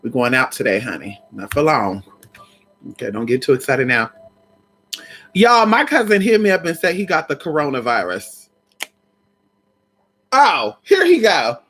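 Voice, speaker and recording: Faint background music sits under this woman's very animated, slightly breathy voice as she talks at a moderate pace. Teaching conjure on a casual livestream, she's sassy and chatty, keeps addressing listeners as "honey" and "girl," and erupts into loud laughs and exclamations.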